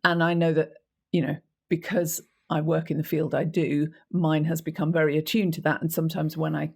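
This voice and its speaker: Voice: medium pitch, flat delivery, brisk, gravelly, a little mellow, husky. An interview host who works with voices, asking thoughtful, probing questions. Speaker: host, voice specialist. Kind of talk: interview conversation.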